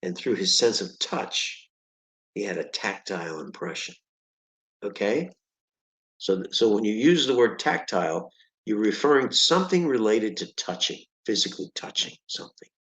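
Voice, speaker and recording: Patient and animated, a reading tutor explains vocabulary words one by one to a student, using examples and often checking "okay?" His voice is on the low side and a bit bright, at normal speed, in a reverberant space captured on a low-quality recording.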